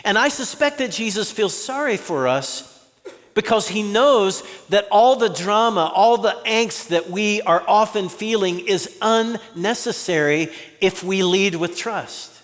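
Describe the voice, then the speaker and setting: A man's voice: high voice, lively intonation, unhurried, a bit bright, big-room sound. A man preaching a conversational sermon as a pastor, acting out the voices he quotes.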